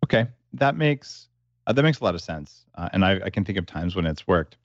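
Podcast host, male, very low voice, direct questioner, dry muffled sound. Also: sing-song, a little fast, no room sound. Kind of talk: casual interview chat.

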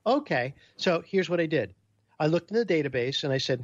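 A man's voice: a little high, fairly quick, no echo. A man telling a business story as a guest, acting out the people he quotes. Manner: animated storyteller who acts out quotes. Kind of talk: storytelling in a podcast interview. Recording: dull lo-fi sound.

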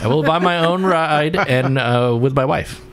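A man's voice: fairly high pitch, a little slow, fairly bright tone. A man co-hosting a motorcycle podcast, reading a listener's email aloud in casual chat and breaking into laughs and crude asides. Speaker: podcast co-host.

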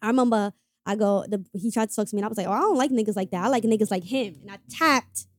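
A woman's voice: mid-range voice, fast, dry recording, studio quality. A young woman telling a story in a casual podcast conversation, acting out quoted dialogue and swearing freely. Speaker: guest telling how she met her partner.

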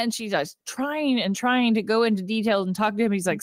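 A woman co-hosting a casual movie recap chat, giggly and animated as she retells scenes. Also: mid-range voice, a little fast, hardly any pauses, no room sound, studio quality. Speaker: podcast co-host.

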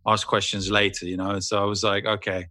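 A man's voice: on the low side, little pitch movement, fairly quick, bright, forceful tone, no echo. A male actor guest who chats in a rambling, self-deprecating way and laughs easily. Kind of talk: casual interview chat.

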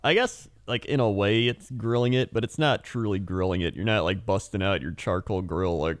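A man's voice: lowish voice, moderate pace, hardly any pauses, dry recording, studio quality. A man co-hosting a casual podcast chat, rambling through stories with lots of "like" and frequent laughter. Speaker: podcast co-host.

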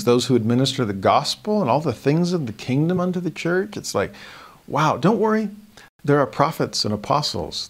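A man teaching a scripture lesson, talking through verses with lively acted-out quotes and frequent restarts. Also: medium pitch. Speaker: religion teacher.

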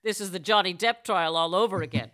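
A woman co-hosting a podcast in casual comedic chat, quick with jokes and laughing often. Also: on the low side, fairly bright tone. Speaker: podcast co-host.

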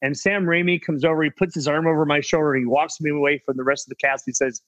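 A middle-aged man telling casual stories as a guest actor, rambling with many restarts and quick impressions of other people. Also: on the high side, fairly even intonation, a bit bright, no echo. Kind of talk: casual anecdotal storytelling.

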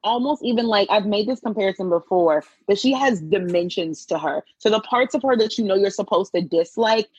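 A woman co-hosts a casual chat, full of animated acted-out quotes. Her voice is a little husky. The recording is dry and slightly dull, with no room sound. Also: a little fast, few pauses, no echo. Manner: animated, acts out quotes with big pitch jumps. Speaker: podcast co-host.

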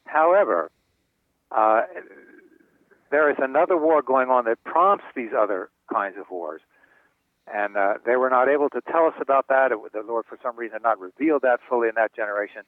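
Speaking at a normal speed with medium pitch, an older man, an author being interviewed, answers with animated stories and acts out the voices of the characters. The recording is dry and tinny, like a phone line.

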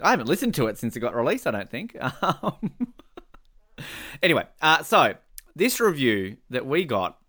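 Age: adult. Sex: man. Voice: lively, bright. Role: podcast co-host, joking film commentary. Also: mid-range voice. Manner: joking, animated, laughs often. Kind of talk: casual film commentary chat.

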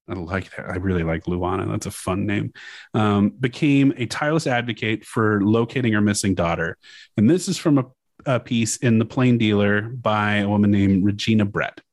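A young man hosting a podcast, casually chatting and reading news quotes aloud, swearing and pausing with fillers. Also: lowish voice, no echo. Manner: casual, profane, halting with fillers. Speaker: podcast host.

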